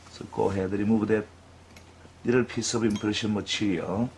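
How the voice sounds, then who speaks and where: A man giving a clinical demonstration lesson, talking in a halting way with frequent fillers and restarts. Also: on the low side, darkish tone, slight background noise. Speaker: dental instructor.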